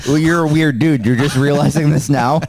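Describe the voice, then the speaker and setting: A man's voice: fairly high pitch, steady tone, vocal fry, a little mellow. A man co-hosting a movie podcast, recapping the plot in a joking way. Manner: joking, recaps plots with quick put-on voices. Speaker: podcast co-host. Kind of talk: casual movie review chat.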